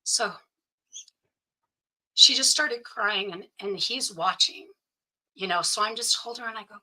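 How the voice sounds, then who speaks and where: Middle-aged woman telling a story, sharp tone. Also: mid-range voice, moderate pace, pauses often, rough recording. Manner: recounts events by acting out quoted dialogue. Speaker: guest. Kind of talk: personal story told in an interview.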